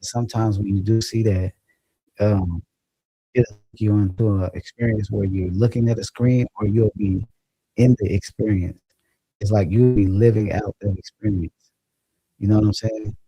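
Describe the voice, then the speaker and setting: A man's voice: fairly low pitch, steady tone, moderate pace, warm tone, slightly rough, no echo, dull audio. A man hosting a casual livestream, chatting loosely and profanely and laughing as he reads viewer comments. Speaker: livestream host. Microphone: phone or computer mic.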